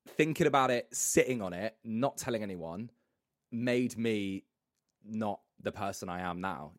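A man's voice: on the low side, dry recording, studio quality. A young man from the UK, a radio presenter, chatting casually on a podcast, laughing often and joking about himself.

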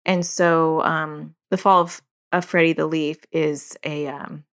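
A woman's voice: low voice, level tone, slow. A middle-aged woman hosting a solo parenting podcast, talking candidly and conversationally and laughing at herself now and then. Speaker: podcast host.

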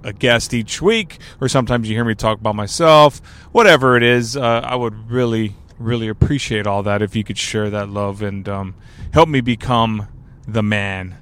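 A man's voice: fairly low pitch, moderate pace, fairly bright tone. A man in his thirties from Texas hosting his podcast, rambling through a casual solo monologue with joking asides while driving, talking into a portable recorder. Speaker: podcast host. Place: in a driving car. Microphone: portable recorder with mic.

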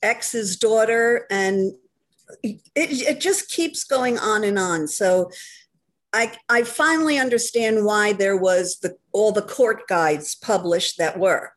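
A woman's voice: mid-range voice, expressive, slow. A woman author as a podcast guest, telling anecdotes animatedly and acting out little quoted asides. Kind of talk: casual interview chat.

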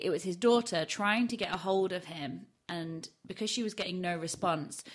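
A woman's voice: on the low side, a bit bright. A woman from Yorkshire, England, co-hosting a casual true-crime podcast. She talks in a chatty, self-deprecating way and laughs often. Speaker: podcast co-host.

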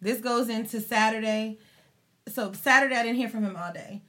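A young woman with a bright, somewhat high voice recounts a personal story on a podcast. She talks in a loose, slangy, animated way, as in a casual chat with friends. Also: normal speed. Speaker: podcast host.

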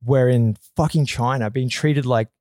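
Man, podcast guest, animated joker, curses a lot, dry close sound. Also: medium pitch, normal speed, no room sound. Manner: animated joking storyteller, swears freely. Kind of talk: casual chat.

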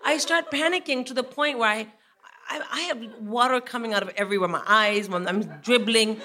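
A woman in her forties, a comedian guest, telling an animated comic anecdote with laughter in her voice on a live podcast. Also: on the high side, brisk.

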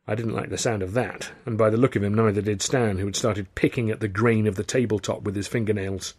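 Guy reading his own book out loud, husky voice, wry storyteller. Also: on the low side, steady tone, a little fast, hardly any pauses. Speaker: author and narrator. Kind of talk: first-person audiobook narration.

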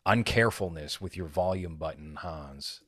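Male podcast host, very low voice, wry and measured, dry close mic. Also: fairly bright tone, breathy edge, no room sound. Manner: wry, measured, swears casually. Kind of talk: casual podcast chat.

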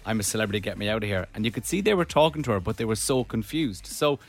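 Lively male radio co-host. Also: fairly low pitch, quick pace. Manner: lively, storytelling, laughs often. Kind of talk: casual radio chat.

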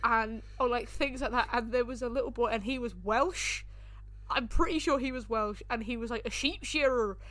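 A woman's voice: a little high, normal speed, fairly bright tone. A woman co-hosting a casual chat, rambling and laughing often. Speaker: podcast co-host.

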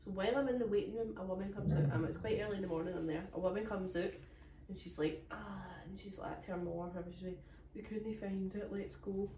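Scottish woman on a comedy podcast, lively storytelling, acts out the voices, echoey phone recording. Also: mid-range voice, quick pace, background noise. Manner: acts out quoted voices, animated. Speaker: podcast co-host. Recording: echoey room, distant phone mic.

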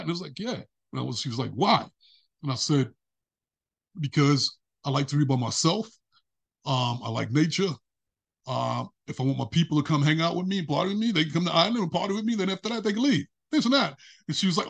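On a podcast, a male guest tells a story in a lively, casual way, acting out the voices of the other people involved. His voice is husky, slightly breathy, and sits a bit higher than most men's, and he speaks fairly quickly with frequent pauses.

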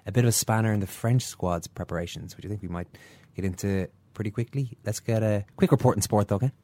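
A man with an Irish accent hosting a sports podcast, brisk and steering the conversation. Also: lowish voice, warm tone. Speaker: podcast host. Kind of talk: casual sports chat.

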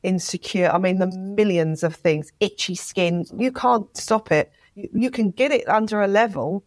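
A woman's voice: medium pitch, moderate pace, no room sound. Woman in her 50s, emotional storyteller, dry close sound. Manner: emotional, animated retelling with acted-out quotes. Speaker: guest, writer. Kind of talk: candid interview talk.

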